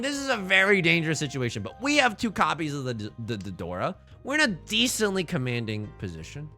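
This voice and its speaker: During live gameplay commentary, a man with a slightly high, sharp-toned voice rambles and trades jokes with his chat between plays.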